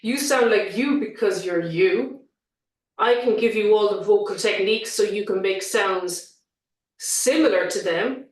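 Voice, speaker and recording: A woman vocal coach chatting in an interview, talking in an animated way and sometimes showing vocal sounds. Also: medium pitch, unhurried, far from the mic. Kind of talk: casual interview chat. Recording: roomy, set back from the mic.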